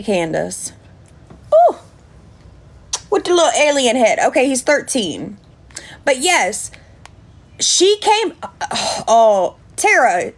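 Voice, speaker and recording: A woman chatting on a livestream, indignant, thanking viewers by name. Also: a little high. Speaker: livestream host. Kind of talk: casual livestream chat.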